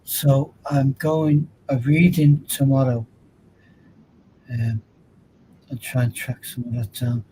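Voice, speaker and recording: A man appearing as a guest on a chat show, speaking slowly, earnestly and appreciatively. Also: mid-range voice, steady tone, mellow, a little hiss or hum, poor audio. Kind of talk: casual chat.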